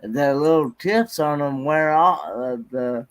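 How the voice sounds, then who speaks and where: Male mechanic, slow and halting, a bit high, stops to think mid-answer. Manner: hesitant, halting, with many fillers. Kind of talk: casual chat.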